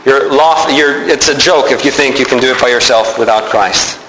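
A man preaching a sermon, animated, with rising emphasis. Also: mid-range voice, normal speed, roomy sound, a little hiss or hum, low-quality recording. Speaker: pastor.

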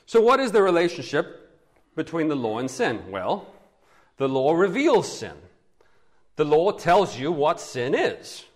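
A man's voice: fairly high pitch, sing-song, a little slow, long pauses. A man preaching an expository sermon as pastor, teaching with rhetorical questions and emphatic answers.

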